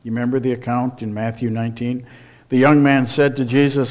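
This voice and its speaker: A man's voice: mid-range voice, little pitch movement, a little fast, darkish tone. A man pastor preaching a sermon in church, asking rhetorical questions and reading scripture aloud.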